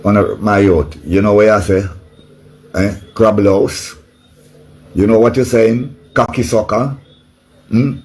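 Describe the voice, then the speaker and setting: A Jamaican man speaks with a heavy Patois accent in a fired-up political rant. His voice sits low, and he keeps cursing and repeating himself. He spikes into loud bursts, then drops to muttering. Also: fairly even intonation, a little slow, long pauses. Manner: angry, profane, repeats himself, swings between loud peaks and low mutters. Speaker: political commentator.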